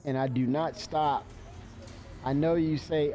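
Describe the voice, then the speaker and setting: A livestreamer with a slightly high, steady, warm voice talks at an unhurried pace during a live game stream. He chats loosely, swearing and laughing at whatever happens on screen.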